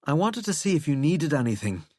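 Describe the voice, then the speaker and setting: An earnest, unsure teenage boy, as a male narrator puts him on in an audiobook. His speech is hesitant and sincere, with a lively, rising pitch. The voice is dry and close. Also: fairly quick, no room sound.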